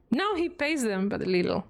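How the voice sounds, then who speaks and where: A woman's voice: on the high side, gravelly. Giggly Spanish-accented woman streamer. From Spain. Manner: giggly, swears freely, playful. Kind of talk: casual stream chat.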